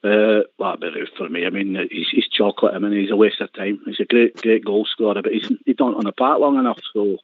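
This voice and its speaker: A man's voice: fairly low pitch, fairly even intonation, a little fast, hardly any pauses, no room sound. A man co-hosting a football phone-in, talking hesitantly with many restarts. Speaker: co-host. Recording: dry tinny phone line.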